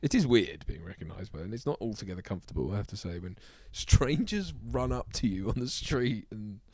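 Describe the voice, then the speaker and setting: An Englishman chats through a film commentary, wandering off into anecdotes. His pitch swings widely though his voice sits low. The sound is dry and close. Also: a little fast, breathy edge, no room sound. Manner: rambling, animated storyteller. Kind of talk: casual film commentary chat.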